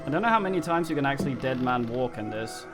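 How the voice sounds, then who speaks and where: A man's voice: medium pitch, animated, quick pace, over music. A man streaming a game live, talking casually in a rambling, mumbling way with frequent swearing.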